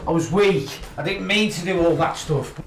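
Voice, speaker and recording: A man's voice: a little high, moderate pace, recorded from a distance, noisy background, lightly acted. A man playing a begging, cheating fiance. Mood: pleading. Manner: begging, repeating apologies. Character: cheating young fiance, pleading. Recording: roomy, from off-mic.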